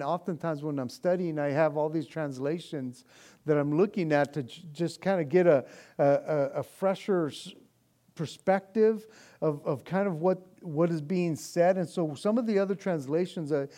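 A man preaching, reading scripture slowly and then explaining it in loose, animated everyday talk. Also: on the high side. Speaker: pastor. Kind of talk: sermon.

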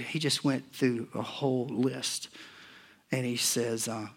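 A pastor, a man in his forties or older, preaching a sermon and telling personal stories, swinging between hushed and loud moments. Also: mid-range voice, measured pace. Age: 40s or older.

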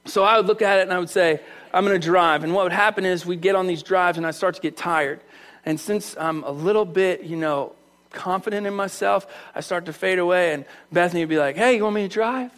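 A male pastor with a high voice preaching a sermon. He is animated and emphatic and keeps turning to question his congregation directly. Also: brisk, clean tone.

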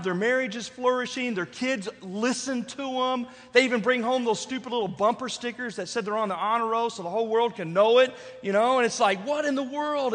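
High-voiced preacher man in a reverberant church. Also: a bit bright. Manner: repetitive, rhetorical, conversational preaching with frequent "right?". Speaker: pastor. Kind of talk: sermon to a live congregation. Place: church sanctuary.

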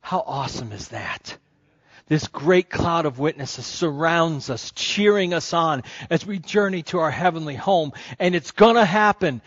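A man preaching a sermon as pastor, moving between calm teaching and rising, excited storytelling. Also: fairly high pitch, a little slow, few pauses. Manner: builds from calm teaching to loud excited crowd-cheering passages. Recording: dull lo-fi sermon recording.

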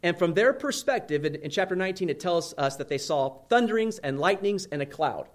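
Man, pastor, conversational sermon, frequent "right?" checks, slightly high voice. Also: animated, brisk. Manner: conversational preaching, frequent "right?" tag questions.

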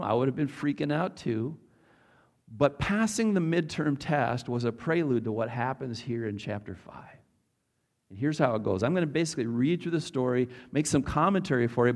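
Animated, conversational male preacher. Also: a little high. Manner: animated, conversational, asks the audience questions. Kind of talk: sermon with bible teaching.

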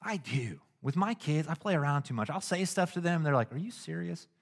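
A middle-aged man preaching a casual, conversational sermon, animated and slangy, acting out little stories as he goes. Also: a little high, brisk. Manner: animated and casual, with slangy asides and acted-out anecdotes. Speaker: pastor.

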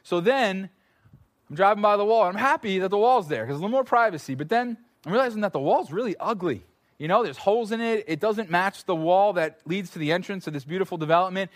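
Preaching quickly at an evening church service, this pastor has a voice that sits a little high for a man. His sermon treats the congregation like friends, full of lively, casual storytelling and playful asides.

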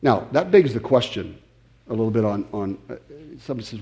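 A man's voice: lowish voice, animated, warm tone, muffled recording. A man preaching a sermon in a conversational way, often stopping and restarting, asking the listeners questions. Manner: conversational, halting with many restarts and fillers. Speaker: pastor.

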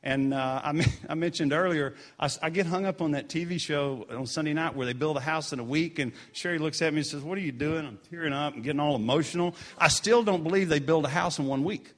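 A man's voice: fairly high pitch, fairly quick, few pauses, a bit bright. A man giving casual church announcements during a service in a sanctuary, earnest and encouraging with chatty asides.

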